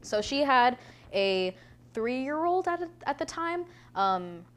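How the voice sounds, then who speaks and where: A woman's voice: sits high, takes it slowly. Chatty young woman telling a story. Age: young adult. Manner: animated storyteller, laughs a lot, swears casually. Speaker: podcast co-host. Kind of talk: casual chat.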